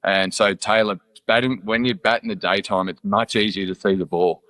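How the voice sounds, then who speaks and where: Man, very low voice, dry sound, casual sports chat. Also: fairly even intonation, moderate pace, pushed and bright, dry recording. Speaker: co-host.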